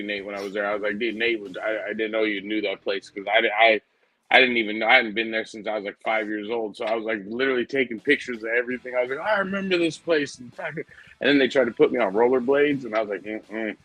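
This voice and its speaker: A middle-aged man with a husky voice, co-hosting a casual podcast chat and telling stories with plenty of swearing and laughter. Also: fairly low pitch, steady tone, quick pace, fairly bright tone, low-quality recording. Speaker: podcast co-host.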